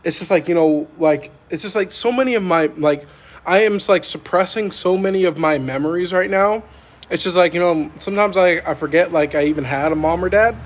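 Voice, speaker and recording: A man's voice: sits high, fairly quick. A man talking casually in a vlog, rambling and meandering with constant filler words. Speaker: vlogger. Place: parked vehicle at night, microwave nearby.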